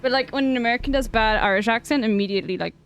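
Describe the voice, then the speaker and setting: A woman's voice: a little high, racing, muffled recording, slight background noise. Laughing woman with neutral English accent. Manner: laughs often, rambling with many fillers. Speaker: streamer. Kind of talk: casual chat over voice call.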